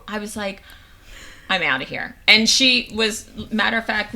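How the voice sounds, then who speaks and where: A woman in her fifties, a podcast guest, telling a personal story in a lively way and acting out the lines of other people. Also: mid-range voice, moderate pace. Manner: animated storyteller acting out quoted dialogue. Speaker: guest, nurse and menopause coach. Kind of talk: casual storytelling interview.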